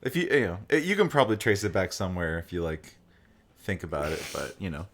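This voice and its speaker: Low-voiced man, lively and jokey. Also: fast. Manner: jokey, laughs often, rambling. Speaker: co-host of a visual novel let's play. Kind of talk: casual chat over gameplay.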